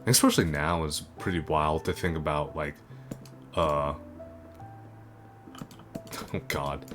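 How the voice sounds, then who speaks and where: A man's voice: extremely low pitch, steady tone, slow pace, pauses often, fairly bright tone. A man giving casual, rambling commentary while playing a video game, with lots of fillers and restarts. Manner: rambling, full of fillers and self-corrections. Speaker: gaming video creator. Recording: game music playing underneath.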